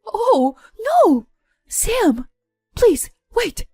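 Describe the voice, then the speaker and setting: A woman putting on a shrill pleading mother-in-law. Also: sing-song, slow pace, soft background music, exaggerated voice. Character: scheming pleading middle-aged mother-in-law.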